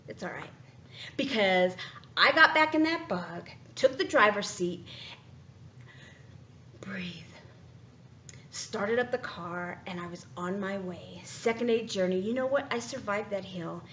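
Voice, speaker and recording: A woman's voice: mid-range voice, expressive, measured pace, long pauses, a bit bright. A woman telling a motivational story about her own life. She acts out the lines of everyone in the story and drops to a near whisper at the tense moments. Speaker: transition strategist. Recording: echoey room, dull lo-fi audio with faint noise.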